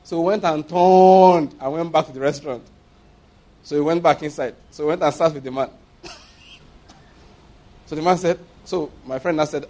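A man with a Nigerian English accent preaches a sermon in a fairly high voice. He tells stories with emphasis and laughs often as he makes his points. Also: moderate pace, long pauses, mellow.

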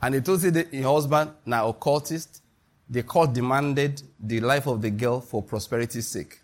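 Here a pastor with a Nigerian accent preaches at a moderate pace. He's animated and emphatic, and his pitch rises suddenly and high on the key points.

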